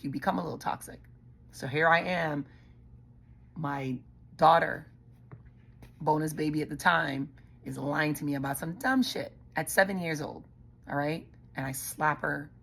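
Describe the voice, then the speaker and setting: A woman's voice: low-pitched, vocal fry, fairly bright tone, slightly rough. A middle-aged woman hosting a show, telling a personal story in a blunt, profane, conversational way and speaking straight to her listeners. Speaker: podcast host.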